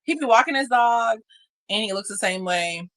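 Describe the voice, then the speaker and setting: A bright, forward-sounding woman co-hosting a casual podcast. Her pitch swoops up and down as she tells stories, and she acts out quoted lines with a lot of expression. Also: moderate pace. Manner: animated storyteller, acts out quotes. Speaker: podcast co-host. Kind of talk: casual chat. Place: living in Japan.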